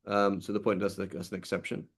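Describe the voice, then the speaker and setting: A man teaching a classical legal text in a conversational way, reading passages aloud quickly and then explaining them with many restarts. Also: low voice, little pitch movement.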